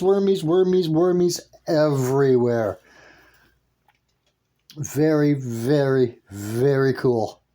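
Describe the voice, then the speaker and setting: A man narrating a casual vlog while checking his worm bin. He talks in a halting, rambling way, restarting his sentences and laughing softly as he goes. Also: fairly high pitch. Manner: easily delighted, with soft laughs. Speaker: worm-composting vlogger.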